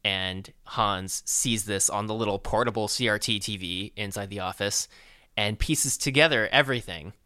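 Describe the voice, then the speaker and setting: A podcast co-host recaps a film in casual conversation, halting often with ums and uhs. His fairly low voice has a sharp, clear, resonant tone. The clean studio recording carries no room sound.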